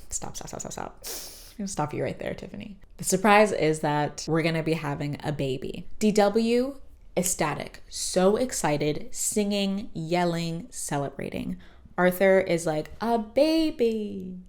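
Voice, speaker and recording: A woman with a low, deep-set voice talks through a cartoon episode in loose podcast chat. She swears freely and drifts into jokes and side comments. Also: a little slow. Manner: chatty, profane, lots of fillers and asides. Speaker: podcast host. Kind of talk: casual comedic episode recap.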